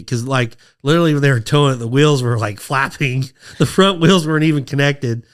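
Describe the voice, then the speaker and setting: A man telling a long story on a podcast in a casual, lively way, acting out quotes in a high excited voice. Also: a little fast. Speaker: podcast guest.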